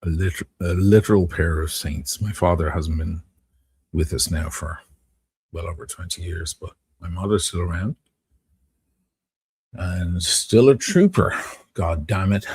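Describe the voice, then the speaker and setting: A man's voice: sits low, unhurried, darkish tone, husky, no echo. A middle-aged man from Dublin with a Dublin Irish accent, telling rambling, profane stories and answering viewers on a live stream. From Ireland. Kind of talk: casual live-stream storytelling.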